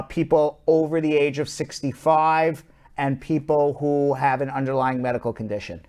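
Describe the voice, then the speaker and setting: A man's voice: on the high side, darkish tone. A man with a Long Island accent hosting a live show, running through the news in a chatty, loose way with fillers and restarts. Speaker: show host and attorney.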